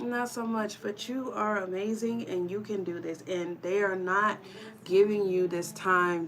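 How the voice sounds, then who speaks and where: A woman's voice: lowish voice, a little hiss or hum. A woman giving a casual tarot reading to her viewers, chatty and encouraging, calling them y'all. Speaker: tarot reader.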